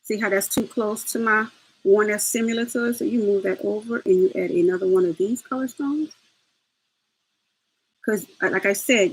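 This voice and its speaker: A woman's voice: medium pitch, husky, low-quality recording. A woman hosting a casual step-by-step craft tutorial, chatty and laughing as she talks to her viewers.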